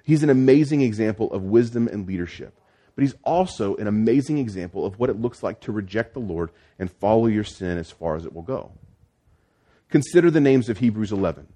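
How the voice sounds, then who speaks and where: A male pastor delivers a teaching sermon in a fairly low voice. He walks through the text patiently and often restarts his sentences. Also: animated, a little fast, mellow. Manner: teaching, explanatory, with frequent restarts.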